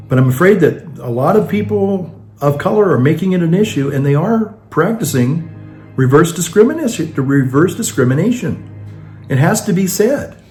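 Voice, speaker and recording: A man with a somewhat high-pitched voice delivers a loose, rambling monologue full of restarts. He acts out the people he quotes as he goes. Faint music plays behind him. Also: a little mellow. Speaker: vlogger. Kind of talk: casual monologue.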